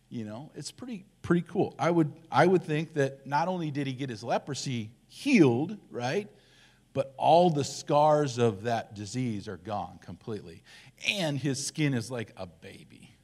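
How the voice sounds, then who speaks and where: An older man, a church elder, giving a relaxed conversational sermon and acting out the voices of the people in his story. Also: medium pitch, a little slow.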